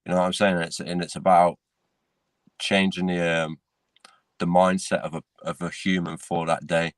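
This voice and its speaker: A very low-voiced man, talking easily on a casual podcast. He keeps it relaxed and scatters "mate" and "innit" through his sentences. The recording is close and dry, with no room sound. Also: normal speed, no echo. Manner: laid-back, peppers speech with "mate" and "innit". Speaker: podcast co-host. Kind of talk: casual chat.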